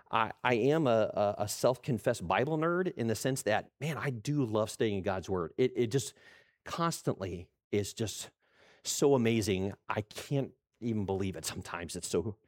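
A middle-aged man preaching a sermon, animated, acting out quoted voices and restarting his words. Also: mid-range voice. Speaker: pastor.

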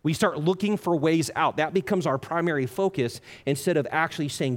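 Male preacher, earnest sermon, pitch swings a lot, long hall reverb behind him. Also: animated, brisk, few pauses. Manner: earnest, acts out the listener's complaints in quoted asides.

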